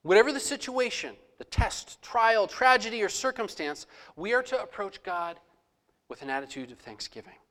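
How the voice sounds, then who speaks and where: High-voiced male pastor preaching. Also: lively intonation, normal speed, a bit bright. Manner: conversational, acts out prayers aloud. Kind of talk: sermon.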